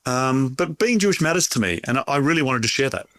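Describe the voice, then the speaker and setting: A man's voice: mid-range voice, animated, fast talker, a bit bright, no echo. A middle-aged man talking as an interview guest, a chatty storyteller who restarts his sentences and laughs often. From Australia. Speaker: interview guest, bakery owner. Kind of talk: conversational interview.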